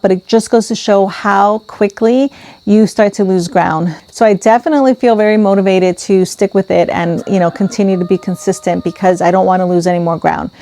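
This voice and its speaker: A woman's voice: mid-range voice, a little mellow. A woman vlogging casually to camera about her weight loss as a mother, candid and full of ums and restarts.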